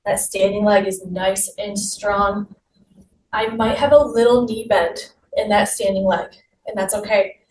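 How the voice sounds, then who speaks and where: A woman's voice: mid-range voice, steady tone, a little slow, a little mellow. A woman leading a guided exercise class, giving upbeat, encouraging cues while she moves along. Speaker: fitness instructor. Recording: roomy, distant mic with faint noise.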